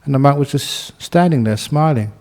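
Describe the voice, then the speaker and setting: A man who is a Buddhist monk giving a relaxed, humorous dharma talk and telling a story, often laughing. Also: mid-range voice, normal speed.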